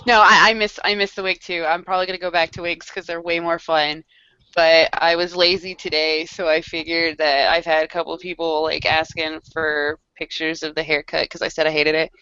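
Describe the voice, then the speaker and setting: A woman from Louisiana co-hosting a casual podcast chat, self-deprecating and quick to laugh. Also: low-pitched, steady tone, sharp tone, smooth, no room sound. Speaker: podcast co-host. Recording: dull, dry lo-fi podcast audio.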